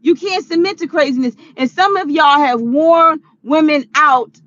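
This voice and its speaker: A woman vlogger delivering ranting commentary, animated and exclaiming, often laughing. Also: high-pitched, a little slow, no echo, lo-fi sound.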